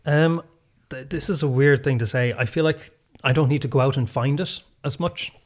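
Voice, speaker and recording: A man with a mid-pitched voice talks things through as a podcast co-host. He hedges and circles his points with fillers, reflective rather than punchy. The tone is relaxed conversation. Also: moderate pace. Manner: thoughtful, hedging, lots of fillers. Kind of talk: casual chat. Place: North Clare, Ireland.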